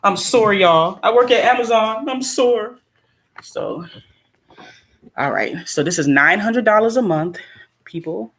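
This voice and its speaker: A woman's voice: mid-range voice, measured pace, pauses often. A middle-aged woman, venting bluntly in a casual vlog and touring her small apartment on a phone camera. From United States. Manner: venting, blunt, animated, laughs often. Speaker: vlogger. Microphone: phone camera held by speaker.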